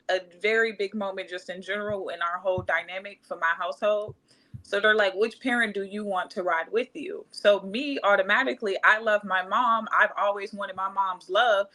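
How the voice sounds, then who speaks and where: A woman's voice: mid-range voice, bright, forceful tone. A woman, candidly telling a personal story in casual podcast chat and acting out other people's voices. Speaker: podcast co-host.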